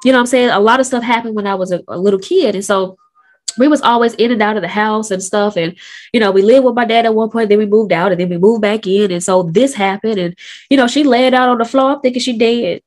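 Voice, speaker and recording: A woman's voice: medium pitch, fast talker. A woman in her thirties telling a personal story in a candid, conversational way with casual slang, while feeling sick. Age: 30s. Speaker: host.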